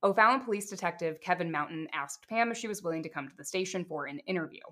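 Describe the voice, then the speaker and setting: Woman podcast host walking through a crime case, a bit low voice, casual asides. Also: fast, sharp tone. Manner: reads case details steadily, adds casual asides. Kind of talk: casual true crime storytelling.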